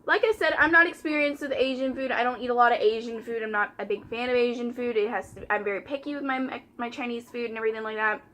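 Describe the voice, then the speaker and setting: A woman's voice: fairly high pitch, fairly even intonation, quick pace, hardly any pauses, pushed and bright, a little hiss or hum. A young woman, chatting casually while doing her makeup and retelling a story by quoting customers and coworkers. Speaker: vlogger.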